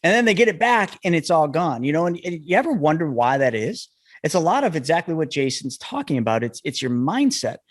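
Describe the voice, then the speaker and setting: A man's voice: a little high, very animated, brisk, no room sound, studio quality. A man hosting a podcast interview, speaking straight to the listeners in a lecturing tone. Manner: addresses listeners directly, lecturing tone. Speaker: podcast host.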